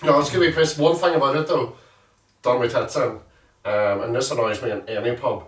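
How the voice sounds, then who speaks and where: A man's voice: mid-range voice, a little fast. Man, casual podcast chat, roomy sound, a bit far from the mic. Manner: swearing, laughing banter. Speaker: podcast co-host.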